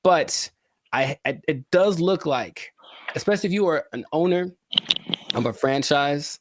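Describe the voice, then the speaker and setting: A man's voice: fairly high pitch, expressive, normal speed, dry recording. Jokey man co-hosting a podcast. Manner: jokey and theatrical, mock-emotional asides. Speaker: podcast co-host. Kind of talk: casual podcast chat.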